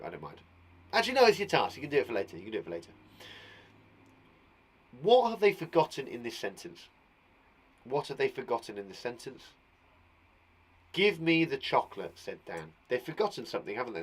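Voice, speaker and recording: A man's voice: medium pitch, fairly bright tone. An English man teaching a video lesson to young children, his voice swinging up and down as he talks. He cheers the pupils on, asks a question and then asks it again, and keeps the pace friendly and encouraging. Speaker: primary school teacher.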